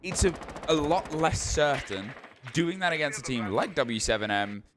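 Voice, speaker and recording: A male esports caster talks through the action in a fairly high voice, mixing analysis with playful banter. Game gunfire and clicks sit clearly under his commentary, as on a live tournament stream. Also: expressive, normal speed, background noise. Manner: chatty, analytical, jokey banter. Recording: broadcast mix with game gunfire behind.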